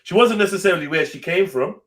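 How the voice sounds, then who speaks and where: A man's voice: sits high, fast, a crowd in the background. A young man, telling a personal story in casual podcast chat, swearing freely and acting out the voices of the people in it. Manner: animated, swears freely, acts out voices in his stories. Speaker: podcast host.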